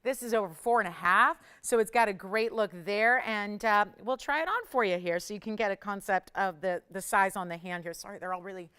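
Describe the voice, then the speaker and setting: A woman's voice: medium pitch, brisk, few pauses, bright, forceful tone, clear, resonant tone. A middle-aged woman hosting a live jewelry sales show, chatty and upbeat with bursts of laughter. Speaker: shopping channel host.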